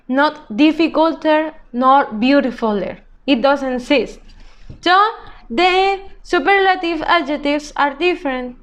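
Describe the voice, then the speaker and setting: Slow, high-voiced woman teaching a class. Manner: slow and patient, drawing out example words. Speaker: English teacher. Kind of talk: recorded grammar lesson for children.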